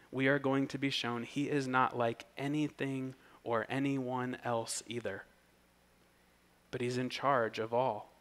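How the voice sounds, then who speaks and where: Guy preaching a sermon, mid-pitched voice, earnest, gets loud on the bible verses. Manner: earnest, building emphasis, rises loud when reading scripture. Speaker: pastor. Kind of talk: expository sermon.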